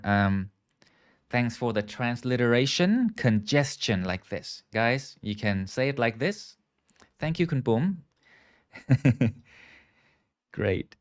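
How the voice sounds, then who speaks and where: Clear and resonant in the mid-range, a man's voice leads a live English class online, breaking down words and inviting viewers to say them back, with frequent "okay" and "right" checks.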